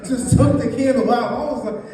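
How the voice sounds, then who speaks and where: A man's voice: extremely high pitch, quick pace, warm tone, faint music behind. A young man doing a stand-up comedy set, telling loose, rambling stories full of fillers. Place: comedy show room. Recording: echoey live room taken from a distance, noisy. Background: audience laughter.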